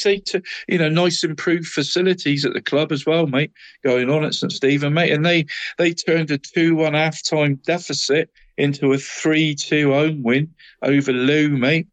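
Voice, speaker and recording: A man with a somewhat high voice talks through the weekend's local football results on a podcast. He keeps it loose and chatty, tags "mate" onto nearly every line and trips over his words as he goes. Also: low-quality recording. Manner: stumbles and restarts a lot.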